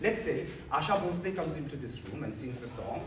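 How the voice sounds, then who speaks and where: A man running a lively teacher-training workshop, mixing in Hindi phrases and getting the audience to repeat after him. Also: a little high, a little fast. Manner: animated, mixes Hindi phrases into English, gets the audience to repeat and clap. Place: large echoey hall with an audience. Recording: echoey hall, voice far from the mic, background noise.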